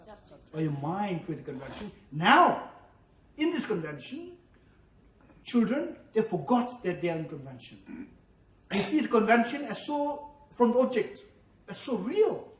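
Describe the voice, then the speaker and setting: A man with a high voice gives a lively Buddhist teaching, acting out little scenes in different voices and checking in with "yes, no?". He is a native Tibetan speaker. The sound is roomy and picked up from some distance. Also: unhurried, pauses often. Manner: animated, acts out quoted voices, asks "yes, no?". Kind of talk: dharma teaching. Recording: echoey room, from far off.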